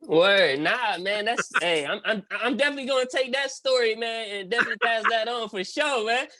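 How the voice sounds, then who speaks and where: A man's voice: very high-pitched, sharp tone, dry recording. A man hosting a casual podcast, who keeps the chat moving and affirms his guest's points. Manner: affirming, quick to say "indeed" and laugh along. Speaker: podcast host.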